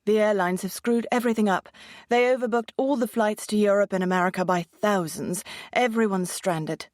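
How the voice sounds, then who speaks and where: A woman's voice: mid-range voice, no echo, studio quality, close to an everyday voice. A woman voicing a chatty, blunt traveler with a posh British accent. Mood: exasperated. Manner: brisk, blunt, sociable.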